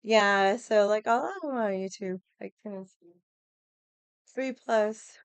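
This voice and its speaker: Chatty, profane woman with a smooth voice. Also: medium pitch, slow, no echo. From Hawaii. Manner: animated, profane, laughs often, acts out quotes. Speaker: vlogger. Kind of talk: casual storytelling chat.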